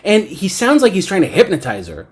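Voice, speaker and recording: A man's voice: high voice, wildly swooping pitch, brisk, slightly rough. A man co-hosting a casual pop-culture podcast, recapping scenes and acting out lines in mock voices. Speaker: podcast co-host.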